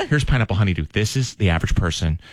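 A man hosting a casual morning show, telling stories and teasing his cohosts in a lively way. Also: on the low side, rapid-fire, background noise. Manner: animated, teasing storyteller. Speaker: radio show host.

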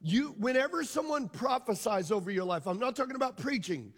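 A man's voice: very high-pitched, expressive, fairly quick, in a large hall. A pastor preaching a sermon to his congregation, emphatic and drawing them into call and response. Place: church hall.

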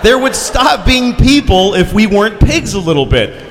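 A man doing crude stand-up comedy, shouting his punchlines with lively swings of voice. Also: high voice, normal speed, a little hiss or hum.

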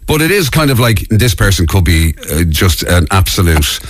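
A man co-hosting a radio show in casual banter, talking in halting restarts. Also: low voice, sing-song, faint music behind. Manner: halting, restarts, joins in impressions. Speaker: radio co-host.

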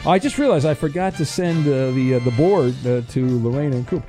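A man hosting a call-in game show on his radio show, animated and jokey, stumbling over fillers. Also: mid-range voice, brisk, faint music behind.

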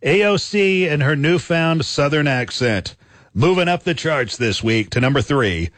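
Lively man counting down radio hits. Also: medium pitch, no room sound. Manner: announcer delivery, punchy.

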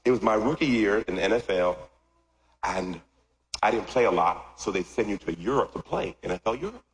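A middle-aged man preaching a sermon, swinging from loud shouts to quiet asides. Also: brisk, slight background noise. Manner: animated, jumps from loud shouts to low asides. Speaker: pastor. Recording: echoey hall with long reverb.

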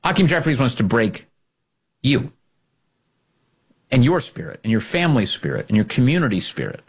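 Husky, fiery political commentary man. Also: mid-range voice, very animated, normal speed. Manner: emphatic and combative, repeats key phrases.

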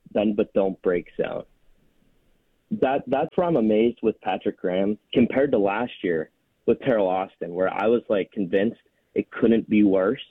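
A man's voice: on the low side, husky, no room sound. A man calling in to a sports show, complaining about his team in a wry, exasperated way. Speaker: caller. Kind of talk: casual call-in chat. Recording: dry tinny phone line.

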